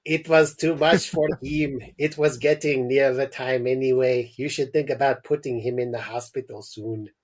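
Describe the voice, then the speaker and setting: A man's voice: mid-range voice, steady tone, moderate pace, few pauses, close to an everyday voice. A man reading a story aloud and voicing a grave doctor in an exaggerated, slipping mock French accent.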